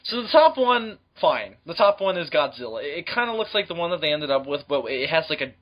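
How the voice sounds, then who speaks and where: A man co-hosting a podcast in casual comedic chat, laughing often and swearing excitably. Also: on the high side, brisk. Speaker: podcast co-host. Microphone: call-in line, hangs up. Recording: dull lo-fi audio.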